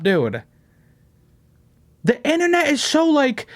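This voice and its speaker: A man's voice: very high-pitched, wildly swooping pitch, takes it slowly, long pauses, dry recording, clean studio sound. A man hosting a casual podcast, brash and joking, swearing and saying "bro" and "dude" a lot. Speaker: podcast host.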